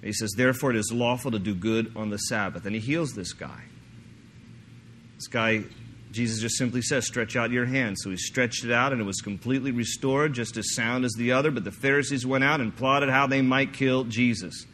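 Bright-voiced man preaching a lively sermon. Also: mid-range voice, normal speed, slight background noise. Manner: animated, joking, mock voices for emphasis. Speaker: pastor.

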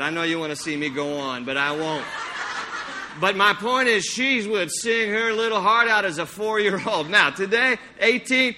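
A middle-aged man preaching a sermon in a church, lively and storytelling, acting out little scenes as he goes. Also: high-pitched, moderate pace. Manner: animated, acts out anecdotes with playful sung impressions. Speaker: pastor. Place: church sanctuary.

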